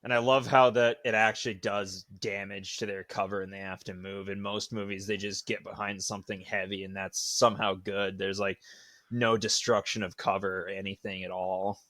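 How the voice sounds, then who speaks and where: Easygoing podcast co-host man, low voice. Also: little pitch movement, moderate pace, a bit bright, dry recording. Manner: laughs easily, short agreeing replies. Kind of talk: casual movie discussion.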